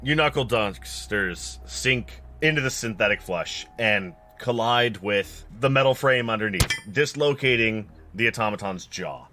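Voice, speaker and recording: A man's voice: lowish voice, animated, measured pace, hardly any pauses, bright, forceful tone, slight background noise. A man from California narrating as game master, describing scenes in a playful way.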